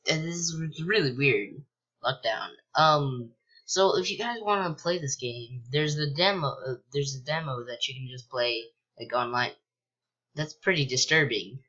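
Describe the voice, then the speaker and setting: A young man casually commentating a video game he's playing, rambling with lots of ums and likes and sudden excited yelps. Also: mid-range voice, a little slow, highs cut off. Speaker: gameplay commentator. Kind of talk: casual let's-play commentary.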